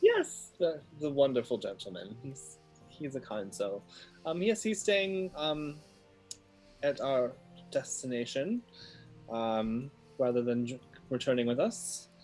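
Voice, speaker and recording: Low-voiced woman player in character. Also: animated, a little slow, a little mellow, soft background music. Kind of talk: in-character roleplay.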